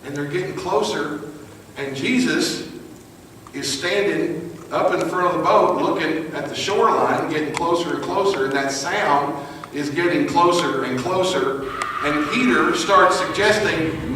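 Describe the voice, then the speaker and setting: Male storyteller-preacher, live sermon, swings loud to hushed; distant mic, long hall reverb. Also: fairly high pitch, measured pace. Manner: vivid, shifts from loud to hushed. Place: live venue, large hall. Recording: echoey hall from a distance with noise.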